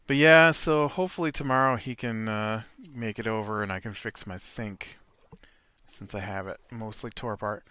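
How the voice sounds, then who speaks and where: Guy rambling through a story while gaming, bright voice, super dry sound. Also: medium pitch, smooth, no echo. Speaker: let's play host. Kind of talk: casual chat while playing a video game.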